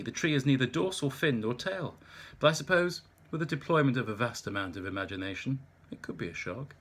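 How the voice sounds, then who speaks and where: A man reads a first-person audiobook with wry, dry humour. His voice sits in the middle range with a husky grain. The delivery is steady and understated. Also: mid-range voice. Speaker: audiobook narrator.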